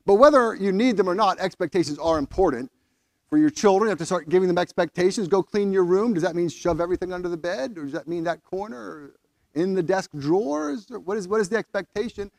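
A man's voice: sits high, lively intonation, fast talker, gravelly, no echo. A man preaching a sermon in a conversational way, stumbling over restarts and rising emphatically when he quotes scripture. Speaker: pastor.

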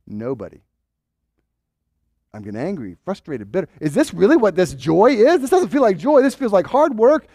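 A pastor delivers a sermon in a high, very lively voice that swoops up and down. He acts out doubting voices along the way and restarts quickly. The sound is dry and close.

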